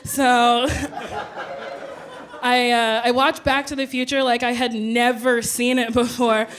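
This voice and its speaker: A woman comedian telling a stand-up story with animated, loud acted-out quotes. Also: on the high side, takes it slowly, clean tone.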